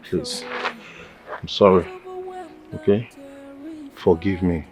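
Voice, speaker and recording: A man's voice: low-pitched, fairly even intonation, slow pace. An actor playing a remorseful husband who keeps begging his wife for forgiveness, over film music. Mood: pleading. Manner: pleading, apologetic. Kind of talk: Nollywood drama acting.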